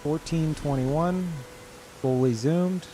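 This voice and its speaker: Male streamer, higher pitch, swearing and incredulous, unhurried delivery. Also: a little hiss or hum. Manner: excitable, incredulous, swears often, laughs a lot. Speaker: game streamer. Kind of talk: live gameplay commentary.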